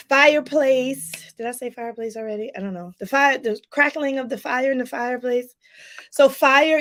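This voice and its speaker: A woman life coach talking casually to her viewers in a live stream, chatty and lively, laughing often and calling them "y'all". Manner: lively, pitch jumps up for emphasis.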